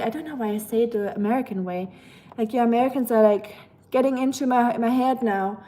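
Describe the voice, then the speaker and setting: A woman's voice: on the high side, brisk, dark tone. Tired German woman chatting on stream. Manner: chatty, rambling with many fillers. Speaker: livestream host. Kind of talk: casual livestream chat reading comments.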